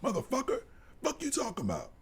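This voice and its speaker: A man co-hosting a live sports podcast, delivering a heated, profane rant that drops to low mutters and climbs to shouts. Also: wildly swooping pitch, quick pace, breathy edge. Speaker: podcast co-host.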